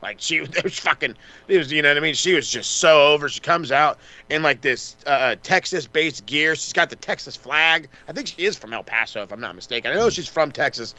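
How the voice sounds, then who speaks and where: A man chats through a wrestling recap on a podcast, profane and excitable. He drops into short mocking impressions of wrestlers. His voice is bright and punchy, sitting a little high, and the sound is dry and close to the mic. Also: fairly quick, dry recording. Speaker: podcast co-host. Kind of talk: casual wrestling recap chat.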